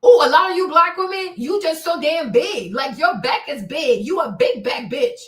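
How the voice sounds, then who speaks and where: A woman voicing a crude, blunt female creator who mocks people loudly. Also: sits high, lively intonation, moderate pace, echoey room. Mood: mocking. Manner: loud, insulting, exaggerated.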